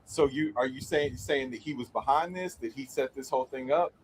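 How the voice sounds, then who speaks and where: A male interviewer of mid pitch who stumbles through his questions with fillers and restarts. Faint background noise runs underneath. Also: brisk, rough recording. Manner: hesitant, many fillers and restarts.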